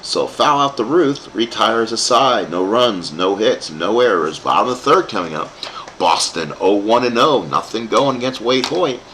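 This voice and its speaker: Animated man calling a tabletop baseball game. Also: fairly low pitch, normal speed, slight background noise. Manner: animated, rambling asides to live chat. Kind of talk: play-by-play commentary of a dice game.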